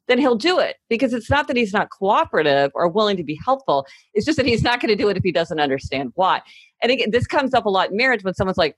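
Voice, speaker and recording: A woman's voice: mid-range voice, big pitch swings, fast talker, slightly rough, no echo. A middle-aged woman, an author guest on a podcast, talking in an emphatic, explanatory way in casual conversation. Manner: emphatic, acts out quoted voices while explaining.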